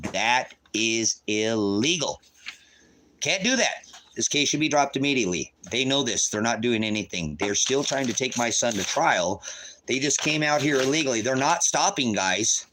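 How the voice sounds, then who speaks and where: A man's voice: medium pitch, sharp tone, a little hiss or hum. A man angrily ranting on his livestream while reading court papers aloud, swearing and repeating himself. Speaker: livestream host. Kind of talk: agitated livestream rant.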